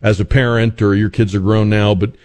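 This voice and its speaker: A man's voice: on the low side, brisk. A man hosting a talk radio show, joking wryly with a lot of restarts. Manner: wry, joking, animated with many restarts.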